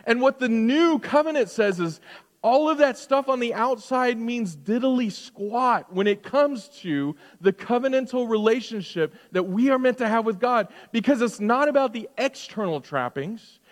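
A middle-aged man preaching a sermon as pastor, talking conversationally with rhetorical questions and moving between loud emphasis and hushed asides. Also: extremely high pitch, animated, normal speed. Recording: long hall reverb.

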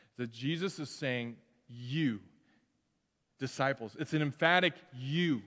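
A middle-aged man preaching a sermon as pastor in a church, animated and conversational, acting out quoted voices. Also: mid-range voice, measured pace. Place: church sanctuary. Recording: long hall reverb.

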